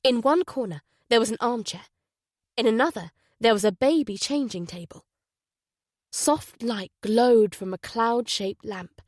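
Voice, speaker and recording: A woman narrating a mystery thriller audiobook at a measured pace. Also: on the high side, a little mellow, no echo, clean studio sound. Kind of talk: scripted narration.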